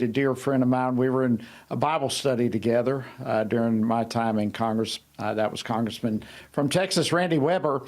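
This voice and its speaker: A man's voice: mid-range voice, a little mellow. A man hosting a radio talk show, wrapping up a segment and urging listeners to get an app in an upbeat, direct way. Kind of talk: show host wrap-up and promo.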